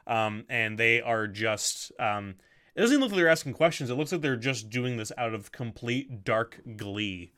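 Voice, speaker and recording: A man's voice: mid-range voice, expressive, normal speed, pushed and bright. A man narrating as game master of a tabletop game, hesitant, with many ums and restarts.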